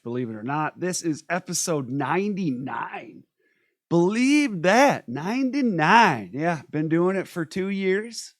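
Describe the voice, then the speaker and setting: A man hosting a live show in casual chat, energetic and talkative, greeting viewers by name while feeling a bit unwell. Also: mid-range voice, no echo, clean studio sound. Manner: energetic, chatty, shouting out viewers. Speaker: host.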